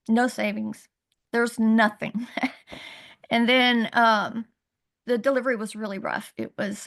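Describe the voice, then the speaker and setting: A middle-aged woman on a video call, earnestly telling a hard personal story, halting and rising in pitch when upset. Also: vocal fry, fairly bright tone. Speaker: guest sharing her story. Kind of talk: emotional personal testimony.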